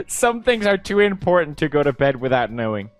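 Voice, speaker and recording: A man's voice: on the high side, big pitch swings, measured pace, no echo, faint music behind. A young man from Sweden reading posts aloud in casual commentary, sarcastic and playful, laughing often.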